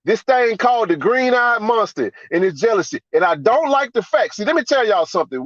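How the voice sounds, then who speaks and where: Fired-up, profane sports host. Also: male voice, a bit bright, no echo. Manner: fired-up, profane ranting with repetition. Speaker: podcast host. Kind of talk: live sports reaction stream. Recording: dry, dull low-fi sound.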